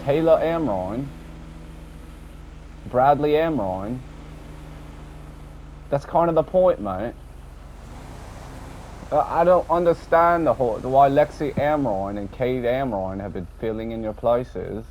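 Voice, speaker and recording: A man rambling casually about an online game session, swearing often and tacking on a low, dropped "mate". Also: takes it slowly, long pauses, a little mellow. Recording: dull lo-fi audio with faint background noise.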